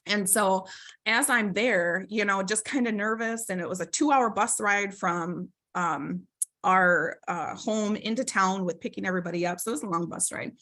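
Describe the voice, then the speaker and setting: A woman's voice: medium pitch, moderate pace, pushed and bright. A woman presenting a webinar, telling a personal story in an earnest, reflective way, with many fillers and tag questions. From Minnesota. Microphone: video call microphone.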